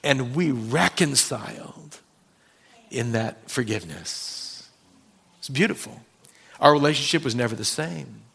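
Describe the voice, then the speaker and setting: A man's voice: mid-range voice, lively intonation, measured pace, creaky, pauses often, fairly bright tone, husky. A male pastor preaching a sermon, talking conversationally and addressing the congregation directly with personal stories.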